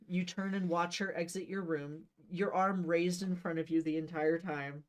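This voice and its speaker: A woman's voice: fairly low pitch, fairly even intonation, moderate pace. A woman narrates a choose-your-own-path story in a casual, friendly way. She reads with a playful lilt and breaks off into light asides. The tone stays loose and unpolished. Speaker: co-host reading an interactive book.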